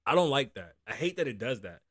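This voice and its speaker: A man's voice: medium pitch, sing-song, fast talker, fairly bright tone, slightly rough, no room sound. A young man hosting a show from his studio in a casual, profane, joking chat, mimicking the voices of people in his stories. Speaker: podcast host. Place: home studio. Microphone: studio mic, live recording.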